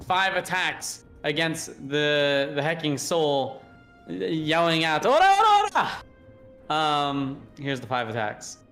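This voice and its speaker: Young man, tabletop player, casual chatty talk, fairly high voice, faint music behind. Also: sharp tone. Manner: casual, chatty, thinks aloud with fillers. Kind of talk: playing a tabletop game.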